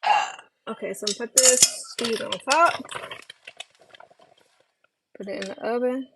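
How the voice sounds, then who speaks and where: A woman talks casually to her livestream viewers while cooking dinner at home, reading their comments aloud and replying. Her voice sits a touch high, with a gravelly fry, and she sounds worn out from little sleep. Pots, pans and silverware clatter clearly behind her on the phone recording. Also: slow, noisy background. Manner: chatty, reads out viewer comments and replies to them. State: tired from lack of sleep. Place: home kitchen. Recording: kitchen clatter of pans and cutlery.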